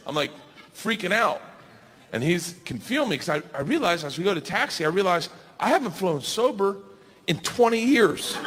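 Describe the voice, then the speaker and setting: Loud high-pitched man doing stand-up. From United States. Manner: loud, animated, acts out characters. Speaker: stand-up comedian. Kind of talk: stand-up storytelling. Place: comedy club stage. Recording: live club set with crowd noise. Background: laughing crowd.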